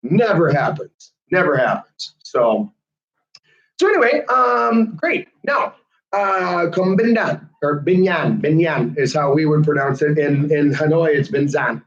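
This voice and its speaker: A man hosting a casual chat, animated and laughing often. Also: fairly high pitch, unhurried. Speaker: host. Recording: roomy, dull lo-fi sound.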